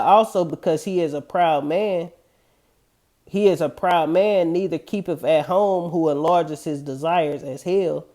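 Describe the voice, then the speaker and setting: A man reading scripture verses slowly, then breaking into loose, profane street-slang commentary and calling listeners "man" again and again. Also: high-pitched, warm tone. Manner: addresses listeners with a repeated "man". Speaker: scripture teacher.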